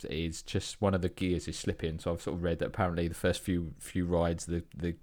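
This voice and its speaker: A British man co-hosting a podcast, telling a story in an animated way and swearing when he gets worked up. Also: low-pitched, brisk. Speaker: podcast co-host. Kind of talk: casual chat.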